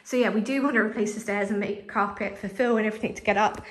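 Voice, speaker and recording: Young woman vlogger, chatty tour voice, a bit breathless, everyday pitch, handheld camera indoors. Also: steady tone, quick pace, very noisy. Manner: chatty, lots of fillers. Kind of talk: casual house tour. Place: house, indoors.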